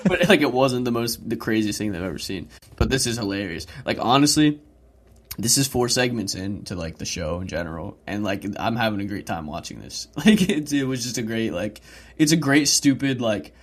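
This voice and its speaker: A man's voice: lowish voice, animated, moderate pace. A young man co-hosting a wrestling podcast, retelling a scene with laughs and quoted lines in a casual chat. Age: young adult. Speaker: podcast co-host.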